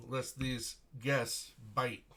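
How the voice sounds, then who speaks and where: A man's voice: mid-range voice, fairly even intonation, drawn-out words, sharp tone, slightly rough, exaggerated voice. A man voicing a courteous, wry guard captain in a breastplate who speaks in a formal, old-fashioned way.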